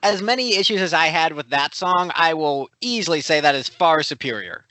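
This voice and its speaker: A blunt man gives a critical take in casual chat. His voice is bright and fairly high, and it is recorded dry, close to the mic. He swears casually as he talks. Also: lively intonation, fairly quick, no room sound. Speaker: podcast co-host reviewing an album.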